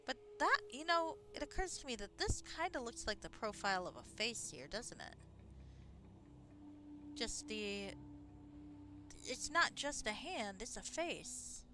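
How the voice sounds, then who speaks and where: A woman's voice: on the high side, very animated, measured pace, pauses often, sharp tone, faint music behind. A woman streaming a game live, chatting casually in a rambling way and swearing now and then. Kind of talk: casual live gameplay commentary.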